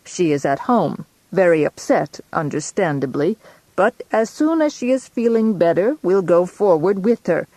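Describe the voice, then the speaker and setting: A woman's voice: on the low side, lively intonation, moderate pace, dark tone, no room sound, low-quality recording. A woman doing a stiff, cold doctor with a stilted accent. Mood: cold, formal. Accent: foreign, stilted. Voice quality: stiff and formal. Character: formal male doctor, distant and cold.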